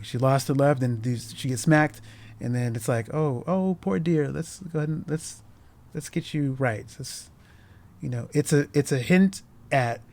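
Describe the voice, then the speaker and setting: In the host's chair, a man with an ordinary mid-range pitch and a darkish tone talks loosely and without a script about a film he loves. He rambles and halts, restarting sentences often and leaning on fillers, and he sounds earnest and genuinely moved.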